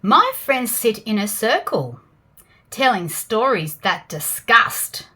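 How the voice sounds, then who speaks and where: A woman with an Australian accent reads children's picture books aloud in a fairly high, breathy voice, taking her time. She is animated for the kids, gasping and adding playful sound effects.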